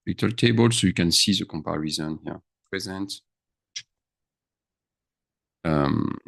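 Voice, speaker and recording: Low-voiced man teaching. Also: creaky, dry recording. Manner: chatty, thinks aloud, mixes French into English. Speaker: French teacher. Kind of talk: screen-share grammar lesson.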